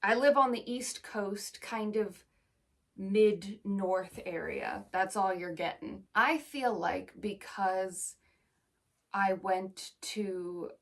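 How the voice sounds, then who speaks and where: A young woman with a standard American accent talks casually to camera, rambling and poking fun at herself. Her voice sits at an ordinary middle pitch, and she sounds a little far from the microphone. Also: slow. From United States. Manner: chatty, rambling, self-deprecating asides. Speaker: actor. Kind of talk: casual vlog chat.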